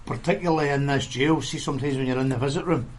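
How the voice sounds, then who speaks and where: A Scottish man on a prison radio team, chatting bluntly and with some swearing in a casual, animated way. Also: medium pitch, fast talker, a little hiss or hum. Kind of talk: casual chat.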